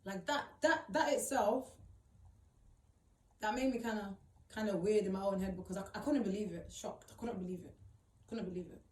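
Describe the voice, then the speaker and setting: A woman's voice: medium pitch, moderate pace, pauses often. A young woman telling her own story in a blunt, emotional, slangy way, swearing often. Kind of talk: personal account, casual monologue. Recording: roomy, distant mic.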